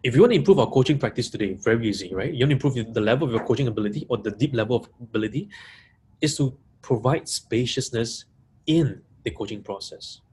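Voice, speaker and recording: A man's voice: mid-range voice, expressive, fast, darkish tone, a little hiss or hum. A man giving a webinar talk to coaches, repeating key points and stressing single words. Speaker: coaching trainer. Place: live audience room.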